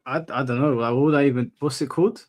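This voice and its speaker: A man's voice: mid-range voice, steady tone, fast talker, a little mellow. Man asking hesitant questions. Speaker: host. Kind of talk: casual interview.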